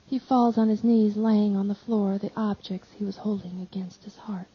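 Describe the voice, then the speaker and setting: A woman reading a devotional text aloud in measured, solemn narration. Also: mid-range voice, fairly even intonation, breathy edge. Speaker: audiobook reader. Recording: slightly dull lo-fi audio.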